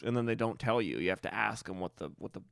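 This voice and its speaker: A man's voice: on the low side, fast talker, gravelly, clear, resonant tone, no echo. A man co-hosting a casual podcast chat, swearing freely and jumping between topics. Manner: animated, swears often, jumps between topics. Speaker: podcast co-host.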